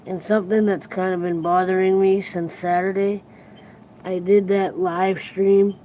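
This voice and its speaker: A tired livestream host chatting casually to viewers, earnest and reflective, rambling and halting with many restarts. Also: mid-range voice, level tone, warm tone, slight background noise, rough recording.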